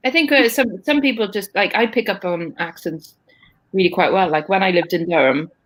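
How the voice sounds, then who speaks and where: A woman's voice: mid-range voice, moderate pace, poor audio. A Welsh woman from Wales hosting a casual livestream chat on a video call, rambling with lots of fillers. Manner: chatty, rambling, frequent fillers. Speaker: livestream host.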